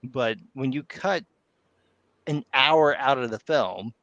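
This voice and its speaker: A man co-hosting a casual podcast chat, talking in an animated, exasperated way. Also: mid-range voice, slow, no echo, lo-fi sound. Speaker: podcast co-host.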